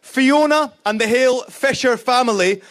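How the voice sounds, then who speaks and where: A man with a Scottish accent, hosting a rally outdoors and giving chatty, friendly shout-outs. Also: very high-pitched, normal speed. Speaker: rally host. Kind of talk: announcements at a rally.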